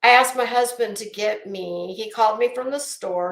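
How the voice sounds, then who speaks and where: A woman host telling a profane, animated story as a casual rant. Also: a little high, moderate pace. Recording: echoey room.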